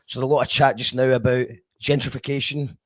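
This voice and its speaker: A man's voice: medium pitch, little pitch movement, quick pace, no echo. A man hosting a live-streamed interview, reading out viewer comments and asking questions with frequent restarts and fillers. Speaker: host.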